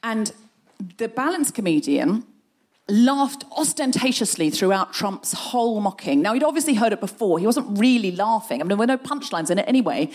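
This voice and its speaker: A woman's voice: fairly high pitch, a little mellow. A woman podcast host telling a comic anecdote to a live audience, acting out the voices of the people she quotes and laughing through parts of it. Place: live show on a stage.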